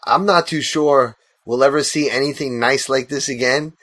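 A man with a bright, forceful tone, joking and riffing in a casual podcast chat. He sounds loose and wry, throwing in playful asides. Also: medium pitch, moderate pace. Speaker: podcast co-host. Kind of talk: casual fan discussion.

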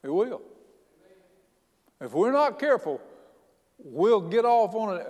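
A man's voice: on the high side, big pitch swings, slow, long pauses, a little mellow, in a large hall. A man preaching a sermon as pastor, folksy and emphatic, often starting with "hey" and restarting lines.

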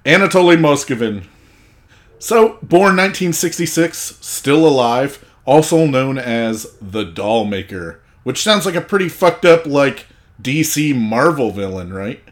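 A man's voice: mid-range voice, animated, measured pace. A man hosting a podcast in casual banter, swearing freely and laughing between jokes. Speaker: podcast host.

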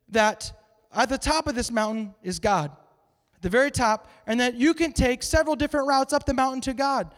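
A man with a very high voice preaches a casual sermon, joking and asking rhetorical questions like he is chatting with the room. His words ring out with a long reverb through a large hall. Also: fairly bright tone.

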